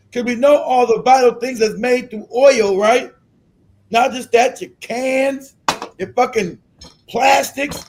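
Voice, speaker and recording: Streamer host, man, high voice, profane combative rant. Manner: profane, combative ranting, shouts at times. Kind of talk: ranting live-stream commentary.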